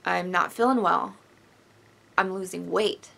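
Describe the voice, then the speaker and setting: A young woman talks straight to the camera in a bright, forceful voice, rambling through a personal story. She sounds emotional and tearful at times, sighing and apologizing as she goes. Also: on the low side, steady tone, a little slow, gravelly, slight background noise. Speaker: vlogger.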